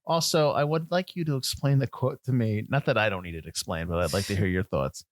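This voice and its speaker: A man co-hosting a casual film podcast, animated, jumping into quick impressions of movie lines. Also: on the low side, no echo, clean studio sound. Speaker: podcast co-host.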